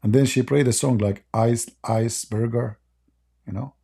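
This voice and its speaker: A man's voice: mid-range voice, fairly even intonation, unhurried, vocal fry, dark tone, husky. A man whose first language is Arabic, speaking in a rambling, joking and mocking way with broken English. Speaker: online commentator. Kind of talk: casual joking monologue.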